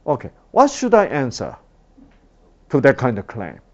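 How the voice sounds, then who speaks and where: Animated male preacher. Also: medium pitch, moderate pace, muffled recording. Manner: animated, rhetorical questions, swings from loud to hushed. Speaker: father. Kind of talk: sermon.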